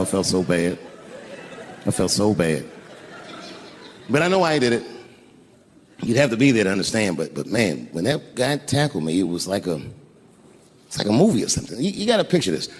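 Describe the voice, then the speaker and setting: An older man telling a profane, animated stand-up story on an arena stage, acting out voices as the crowd laughs. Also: mid-range voice. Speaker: stand-up comedian. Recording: live arena recording with crowd noise. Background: crowd laughing and cheering.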